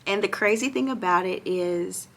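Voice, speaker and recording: A young woman vlogging in casual chat to camera, excitable, breaking into squeals and exclamations. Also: medium pitch, normal speed.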